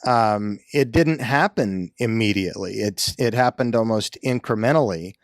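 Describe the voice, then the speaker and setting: A man interviewing a guest, asking questions in a halting way with fillers and restarts. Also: fairly low pitch, no room sound, studio quality.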